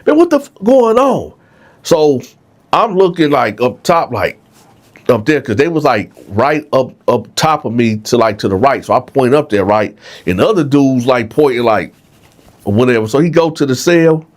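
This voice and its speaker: A man's voice: medium pitch, animated, normal speed. A man telling a jail story casually, often checking in with the listeners. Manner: conversational, frequent "right?", addresses listeners.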